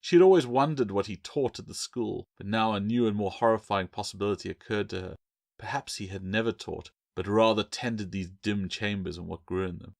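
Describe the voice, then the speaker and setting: Author-narrator: low, even male voice, dry close sound, steady dramatic storytelling. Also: brisk, gravelly, dry recording. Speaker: author reading own book. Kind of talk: audiobook narration.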